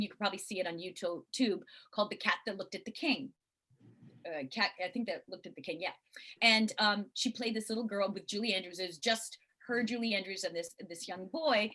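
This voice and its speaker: A middle-aged woman talking in a casual video-call interview as the guest, rambling and animated with sudden excited rises. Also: mid-range voice.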